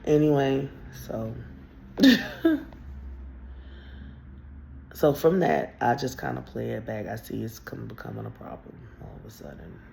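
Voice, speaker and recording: A woman's voice: extremely low pitch, expressive, normal speed, vocal fry, hardly any pauses, dark tone, slight background noise. A woman telling a story in a casual, blunt and profane rant that rambles along. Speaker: vlogger.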